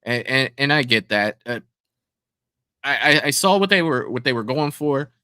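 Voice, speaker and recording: An easygoing man talks through a fan film, hedging with "you know" as he goes. His tone is bright and forward, and the recording is dry and close. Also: mid-range voice, animated, normal speed, clean tone, dry recording. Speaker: co-host reviewing fan films. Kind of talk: casual review chat.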